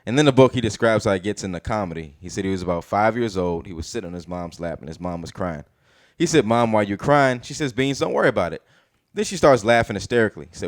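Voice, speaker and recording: A man's voice: fairly low pitch, expressive, quick pace. A man performing a stand-up comedy set, telling stories in a laid-back way. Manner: laid-back storytelling with laughs.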